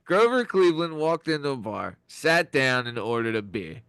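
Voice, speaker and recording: A man on a casual podcast spins long jokes at an even, middle pitch. He keeps breaking into laughter at his own punchlines. His voice sounds close and dry, with no room around it. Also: moderate pace, clear, resonant tone, dry recording. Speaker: podcast co-host. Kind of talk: casual joke-telling chat.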